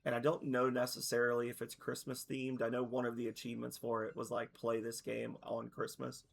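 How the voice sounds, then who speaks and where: A man in his thirties chatting casually on a stream, rambling and correcting himself, his voice a little hoarse. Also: mid-range voice, completely flat delivery, a little fast. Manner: rambling, loose, self-correcting. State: slightly hoarse.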